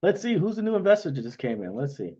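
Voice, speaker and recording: Male streamer host, casual and excitable, talks in bursts; slightly high voice, lo-fi stream audio. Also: fast talker. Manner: excitable, talks in bursts with frequent "you know what I mean". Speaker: livestream host thanking investors. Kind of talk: casual livestream chat.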